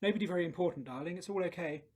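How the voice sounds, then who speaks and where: A man playing a smooth, smug husband with a put-on British manner who calls everyone darling in a live improv comedy scene. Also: high-pitched, rapid-fire, a little mellow. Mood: breezy. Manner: breezy, faux-British, says darling constantly. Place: live stage show.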